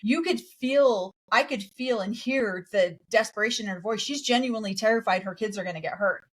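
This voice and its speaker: A woman co-hosting a casual podcast with a fairly high voice. She talks in a lively way, telling stories and acting out what others said. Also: fairly quick. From raised in a polygamous community in the United States. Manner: animated storytelling, acts out quotes. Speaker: podcast co-host. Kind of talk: casual chat.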